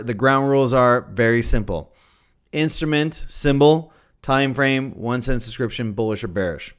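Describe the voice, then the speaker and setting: A man's voice: mid-range voice, smooth. A man hosting a live trading stream, chatting casually and thinking aloud, often repeating his phrases. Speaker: trading livestream host. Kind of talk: casual livestream market analysis.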